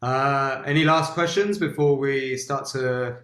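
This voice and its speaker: A man hosting an interview over a video call, asking slow, searching questions. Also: medium pitch, a bit bright, roomy sound. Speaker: host.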